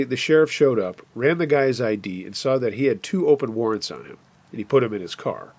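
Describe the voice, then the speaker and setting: Husky-voiced man narrating a scary story. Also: medium pitch, a little mellow, dry recording.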